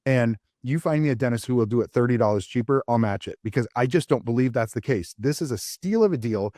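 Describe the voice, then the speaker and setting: A man's voice: medium pitch, animated, fast, warm tone, no echo. Male dentist co-host, loose and self-mocking, mid-range voice, dry close mic. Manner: rambling, many fillers and restarts, self-deprecating. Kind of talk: casual storytelling chat.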